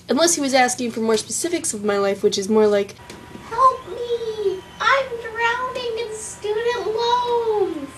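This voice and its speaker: A woman's voice: on the high side, slight background noise, poor audio. Chatty young Southern woman vlogging. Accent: Southern American. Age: young adult. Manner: chatty, wry and self-mocking. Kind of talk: casual vlog storytelling.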